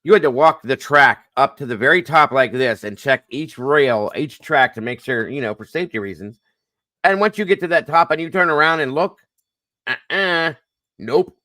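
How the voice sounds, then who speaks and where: A man hosting a casual live stream, telling animated stories and swearing lightly. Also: a little high, moderate pace, dry recording.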